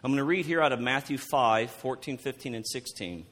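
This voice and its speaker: A man's voice: medium pitch, a little fast, fairly bright tone, slightly rough. A man preaching a conversational sermon, who often repeats words and asks his listeners questions. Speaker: pastor.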